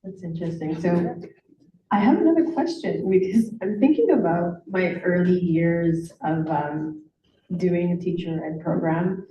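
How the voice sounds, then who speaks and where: A woman moderating a panel, asking questions in a relaxed, casual way. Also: fairly low pitch, unhurried, a little hiss or hum. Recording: echoey dull room sound from far off.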